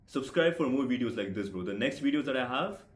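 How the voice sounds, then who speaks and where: A young man lectures the camera in a brash, swearing advice monologue, tossing in bro as he goes. His voice sits at an average pitch. The sound carries a noticeable room echo. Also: expressive, brisk. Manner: brash, profane, says bro a lot. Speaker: speaking coach vlogger.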